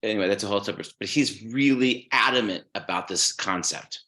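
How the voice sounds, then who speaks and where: A man talking as a podcast guest, telling stories in a relaxed way and swearing casually. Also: lowish voice, brisk. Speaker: guest musician.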